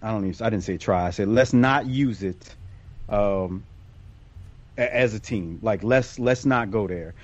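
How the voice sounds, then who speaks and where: Man, mid-pitch, casual podcast guest, repeats and restarts, dull lo-fi line. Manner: halting, repeats words, restarts often. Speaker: youth sports coach.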